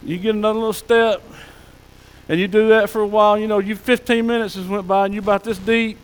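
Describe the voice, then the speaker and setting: A male pastor preaches in a high, folksy voice. He often drops to a soft hush. His words ring out with a long reverb through the church. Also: level tone, fast, smooth. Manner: folksy preaching, drops to soft hushed tones for God's whispers. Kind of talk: sermon. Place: church sanctuary.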